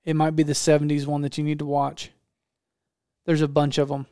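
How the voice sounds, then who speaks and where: A man in easy conversation who rambles with enthusiasm and keeps circling back to restart his thoughts. His voice is smooth and clear, pitched a little high, and sits close and dry on the mic. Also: completely flat delivery, a little fast, dark tone, dry recording. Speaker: podcast host. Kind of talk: casual chat.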